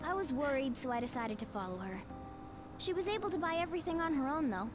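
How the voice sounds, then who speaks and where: A woman voicing a small, fussy and protective talking cat in a video game, heard as quiet game audio under music. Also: high-pitched, animated, fast talker.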